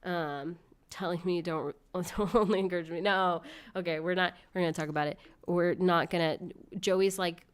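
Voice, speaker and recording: A woman's voice: on the low side, fairly even intonation, normal speed, smooth. A young woman streaming live, chatting with viewers in a rambling, giggly way and thanking donors. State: sick with covid. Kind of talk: casual live-stream chat.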